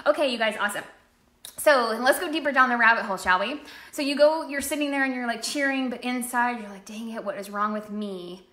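Woman, livestream coach, bright and bubbly, echoey room. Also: a little high. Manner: animated, chatty, acts out inner voices. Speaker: network marketing coach. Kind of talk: live-streamed motivational talk.

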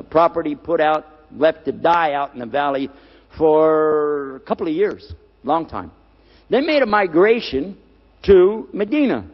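Older man, preacher, lecture, animated, quizzes the audience, high voice, long hall echo. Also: muffled recording. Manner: animated, questions the audience, repeats key words. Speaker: Islamic preacher.

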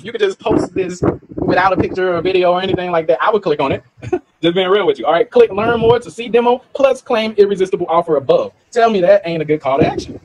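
A hyped man talks to camera about business tricks in a slangy, joking way. His voice sits a little high. Loud background noise runs under everything he says. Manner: hyped, slangy, laughs often. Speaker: online business coach. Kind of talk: casual coaching talk to camera.

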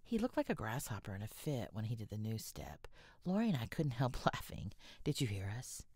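A woman's voice: extremely low pitch, wildly swooping pitch, a little fast, darkish tone, breathy edge, no echo, studio quality, heavily acted. A woman reading the part of a clumsy, frank tomboyish girl, blunt and often half-whispered. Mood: amused.

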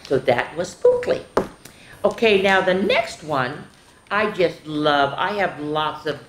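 A woman reading picture books aloud to young children in a playful, animated way, speaking to them directly. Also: sits low, slight background noise. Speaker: children's storytime reader. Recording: echoey room.

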